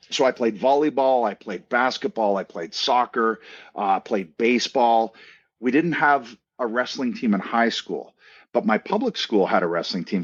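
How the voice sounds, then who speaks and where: Husky guy from canada, kinda low voice, chatty and jokey, lots of uh and um. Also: dull audio. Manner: animated storyteller, jokey asides, frequent fillers. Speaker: podcast guest. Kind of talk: casual storytelling interview.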